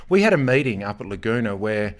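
A man's voice: lowish voice, very animated, fast talker. A man with an Australian accent, a former player, chatting and telling stories about football with emphasis. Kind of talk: casual footy chat.

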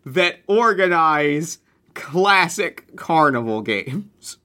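A podcast co-host eagerly pitching ideas in a casual improvised chat. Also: lively intonation, drawn-out words, sharp tone.

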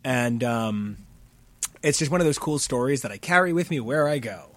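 A man co-hosting a podcast, telling a story in an animated, excitable casual chat. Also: mid-range voice, normal speed, no echo. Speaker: podcast co-host.

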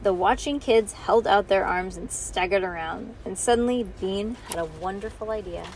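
A woman reading a children's book aloud in a lively read-aloud manner that stumbles now and then. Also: mid-range voice, moderate pace, a little hiss or hum. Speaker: storyteller.

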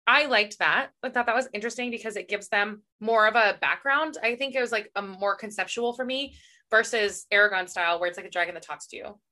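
A woman co-hosting a casual book chat, rambling and expressive, quick to laugh. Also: mid-range voice. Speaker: podcast co-host.

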